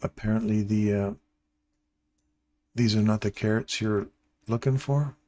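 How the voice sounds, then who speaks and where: A man's voice: fairly low pitch, fairly even intonation, measured pace, mellow. A man hosting a live trading stream, giving casual, playful running commentary and talking to his viewers by name.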